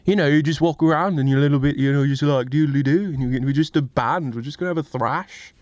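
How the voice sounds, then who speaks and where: A man's voice: on the high side, fast, darkish tone, no echo, pitched above the performer's own voice, natural voice. A man putting on the voice of a carefree young male band member from Liverpool, breezy and sing-song.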